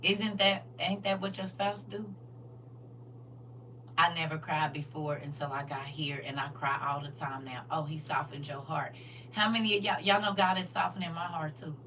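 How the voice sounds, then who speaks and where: Woman doing a live stream, talks right to her viewers, bright voice, a bit far off the mic w/ faint music. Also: deep voice, normal speed, slight background noise. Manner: expressive, laughs often, talks straight to her viewers. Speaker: livestream host reading viewer comments. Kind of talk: casual live chat with a churchy, testifying tone.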